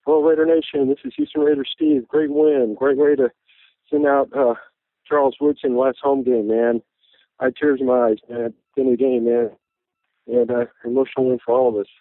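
A man's voice: mid-range voice, little pitch movement, normal speed, no room sound. A man calling in to a fan radio show, emotional and nostalgic, saying "man" often. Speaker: caller. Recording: tinny phone line.

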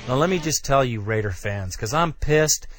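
A man's voice: medium pitch, lively intonation, moderate pace, fairly bright tone. A man hosting a sports fan podcast, talking in a blunt, fired-up, profane way and sometimes stumbling over his words. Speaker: podcast host.

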